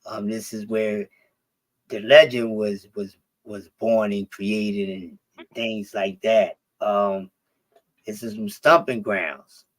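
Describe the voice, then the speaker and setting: A man from Philadelphia talking as an interview guest in casual chat, with a slight lisp and a bit of rasp, relaxed, full of fillers and swearing. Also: on the low side, takes it slowly.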